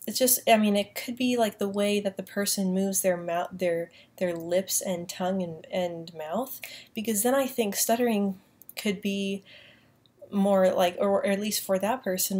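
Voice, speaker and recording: A woman's voice: mid-range voice, darkish tone. Woman talking with a heavy stutter. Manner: strong stutter with many sound and word repetitions. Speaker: vlogger. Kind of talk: casual talk to camera.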